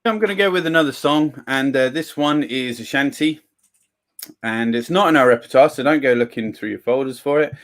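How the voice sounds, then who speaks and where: A man introducing a sea shanty in a quick, casual way before singing it. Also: medium pitch. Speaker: shanty singer.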